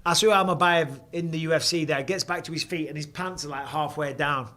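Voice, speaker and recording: Middle-aged man, slightly high pitch, blunt and chatty, swears often, casual fight-stream host. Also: a little fast, sharp tone. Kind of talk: casual live fight commentary.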